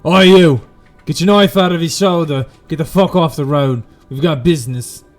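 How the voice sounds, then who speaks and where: A man voicing a gruff, hostile male caravan bodyguard who barks threatening orders in a tabletop game. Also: fairly high pitch, normal speed, soft background music, voice pushed up, natural voice. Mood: angry.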